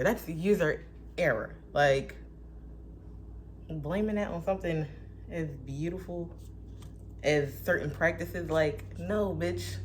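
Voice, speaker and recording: A woman with a lowish voice muses on faith in a loose, casual vlog. She talks bluntly and swears freely, jumping from loud outbursts to soft whispered asides. A faint hiss runs under the recording. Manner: blunt and profane. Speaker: vlogger. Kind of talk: casual spiritual musing.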